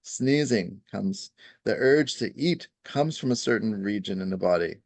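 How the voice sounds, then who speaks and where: A man's voice: lowish voice, expressive, a little slow, gravelly, dry recording. Chatty man explaining, dry close sound. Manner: rambling, peppered with "you know" and "right?", acts out quoted voices. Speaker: Ayurveda practitioner. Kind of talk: casual explanatory talk.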